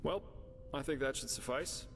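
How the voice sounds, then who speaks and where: A man voicing a gravelly, matter-of-fact game companion. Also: mid-range voice, normal speed, close to an everyday voice. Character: gruff adventuring male companion. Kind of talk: video game voice acting.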